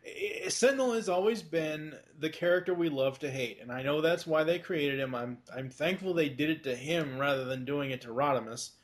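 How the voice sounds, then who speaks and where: A man's voice: on the high side, fairly quick, hardly any pauses. A man co-hosting a podcast, chatting casually about a cartoon, rambling with lots of fillers, restarts and the odd swear. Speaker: podcast co-host. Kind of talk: casual chat.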